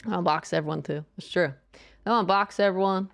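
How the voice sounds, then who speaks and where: A woman with a Southeastern US drawl chats through a video game stream, her voice sitting low with a gravelly fry. She rambles and stumbles over fillers as she goes. Soft game music plays faintly behind her. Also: a little fast. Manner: rambling, chatty, trails off with stammered fillers. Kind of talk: casual chat while playing a video game.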